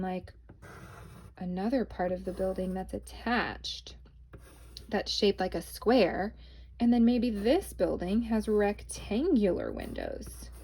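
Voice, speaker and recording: A woman's voice: medium pitch, darkish tone, slightly rough. A cheerful young woman teaching a casual math lesson to children, chatting to them as she films with a phone in one hand. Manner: cheerful, chatty, addresses kids as guys. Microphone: phone held in hand.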